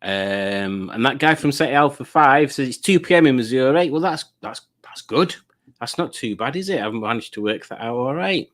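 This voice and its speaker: A middle-aged man hosting a relaxed livestream. He rambles cheerfully from one viewer comment to the next, with an easygoing, chatty delivery and an ordinary mid-range voice. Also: mid-range voice, moderate pace. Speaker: livestream host. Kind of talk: casual livestream chat reading comments.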